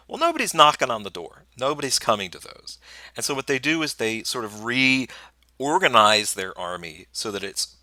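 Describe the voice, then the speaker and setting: A man's voice: medium pitch, pushed and bright, no echo. A man giving a history lecture. He talks in a loose, conversational way, tells events as a story, acts out nations as speakers and corrects himself as he goes. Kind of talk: recorded classroom lecture.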